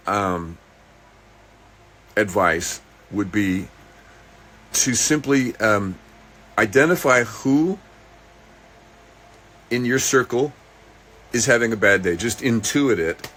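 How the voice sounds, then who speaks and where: A man recording a casual personal video message. He talks in a halting, rambling way with many restarts and slips into dry, dark jokes. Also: on the low side, expressive. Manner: dry, darkly joking.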